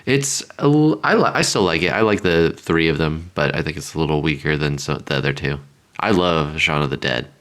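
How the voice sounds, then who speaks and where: A man with a deep, low voice co-hosts a storytelling podcast. He rambles through story ideas in casual chat, restarting often and filling gaps with "like.". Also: expressive, fairly quick, a bit bright. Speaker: podcast co-host.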